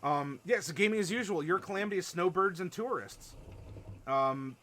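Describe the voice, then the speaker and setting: A man's voice: high-pitched, moderate pace, a bit bright, a little hiss or hum. A man from Ohio hosting a live-stream worldbuilding workshop, chatting casually, reading chat messages aloud and laughing often.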